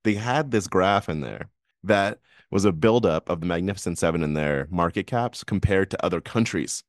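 Male podcast co-host, low voice, dry close sound, loose and laughing, rambles through restarts. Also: moderate pace, no room sound. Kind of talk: casual finance chat.

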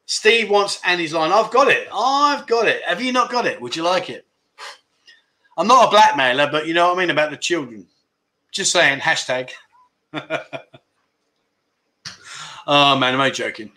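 A man's voice: a little high, animated, normal speed, pauses often, sharp tone. A middle-aged man, hosting a casual livestream, chatting with viewers and calling them mate. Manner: chummy banter, calls viewers "mate" and "my friend". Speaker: livestream host. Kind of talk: casual livestream chat, reading viewer comments. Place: home.

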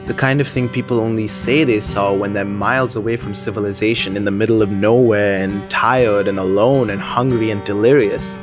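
A man's voice: on the low side, steady tone, moderate pace, few pauses. A young man narrating an audio drama in the first person, anxious and self-deprecating, with faint music underneath. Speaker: narrator and lead character.

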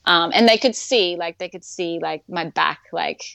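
A woman's voice: lowish voice, moderate pace, gravelly, fairly bright tone, dry recording. A woman casually recounting a birth story, chatty with lots of fillers and frequent laughter. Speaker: guest.

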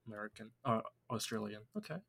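A man's voice: fairly low pitch, fast, vocal fry, fairly bright tone. A young man co-hosting a podcast, chatting casually and teasing his co-host with frequent laughter. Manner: joking, teasing, laughs often. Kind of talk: casual chat.

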